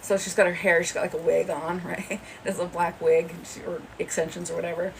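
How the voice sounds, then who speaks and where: A woman's voice: on the low side, level tone, brisk, creaky, recorded from a distance, slight background noise, low-quality recording. A woman hosting a livestream, telling a rambling, gossipy story in a chatty way. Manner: rambling, chatty, often laughing. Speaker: livestream host. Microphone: phone.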